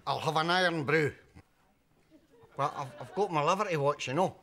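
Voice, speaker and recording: A fretful Glaswegian neighbour. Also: male voice, a little high, normal speed, vocal fry. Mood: sheepish. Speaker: Cotter, a neighbour. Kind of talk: sitcom acting. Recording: noisy TV soundtrack.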